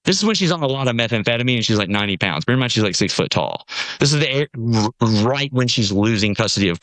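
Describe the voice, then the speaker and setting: A man spins a rambling story as a podcast guest. His pitch swings widely as he mimics the people in it. The mic is close and the room sounds dry. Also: fast talker, no room sound. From Nashville, USA. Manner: animated storyteller, acts out quoted voices. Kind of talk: casual storytelling conversation.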